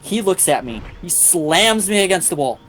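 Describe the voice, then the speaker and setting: Faint music sits behind a high-pitched man speaking at a moderate pace as he games on stream. He tells a long anecdote casually, cursing a lot and doing voices for each person in the story.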